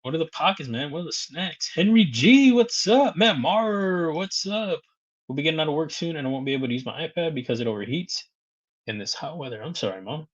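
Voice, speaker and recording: Man, fairly high voice, lively up-and-down delivery, casual stream chat, laughs a lot. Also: brisk, lo-fi sound. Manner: chatty, reads out viewer comments and greets them; laughs often between remarks. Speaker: live stream host.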